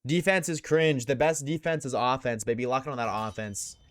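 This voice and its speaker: A young man streaming a game and chatting casually with his audience, slangy and joking, talking in quick bursts. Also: medium pitch, fairly even intonation, no echo.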